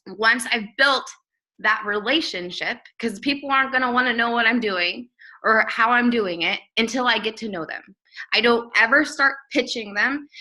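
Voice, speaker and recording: A woman's voice: a little high, bright, forceful tone, poor audio. A young woman giving a blunt, emphatic live training talk to her viewers, repeating phrases for emphasis. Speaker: network marketing trainer.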